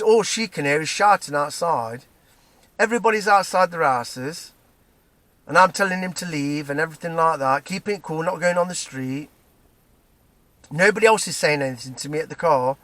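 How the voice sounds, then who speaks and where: An English man with a slightly high voice talks at length about a row he has had. He rambles, restarts and repeats himself, sounding worked up throughout. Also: a bit bright. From England. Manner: agitated, repetitive, restarts often. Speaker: vlogger. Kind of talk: rambling personal monologue.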